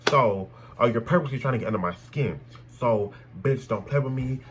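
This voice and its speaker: A young man telling a personal story in a casual, animated way, blunt and full of swearing. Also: medium pitch, fairly quick, very noisy. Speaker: storytime vlogger.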